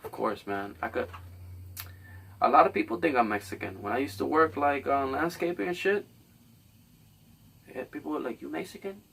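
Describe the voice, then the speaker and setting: A man's voice: mid-range voice, normal speed, vocal fry, long pauses, fairly bright tone, far from the mic, a little hiss or hum. A man hosting a podcast, delivering a rambling, blunt, profane comedic monologue. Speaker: podcast host.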